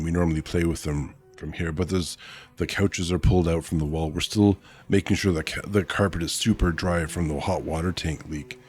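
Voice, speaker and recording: A man's voice: sits low, darkish tone. A man streaming a casual read-aloud of a novel, chatting in asides and correcting his own slips.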